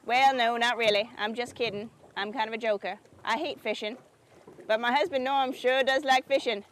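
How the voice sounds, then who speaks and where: Actress as a perky craft-show host, high, folksy and sugary; outdoors by a lake. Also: female voice, steady tone, moderate pace, a bit bright, a little hiss or hum, lightly acted, low-quality recording. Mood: cheery. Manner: chirpy, folksy and sugary, keeps asking "isn't that sweet". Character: perky, oblivious small-town woman who hosts a craft show. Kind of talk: comedic public-access TV hosting.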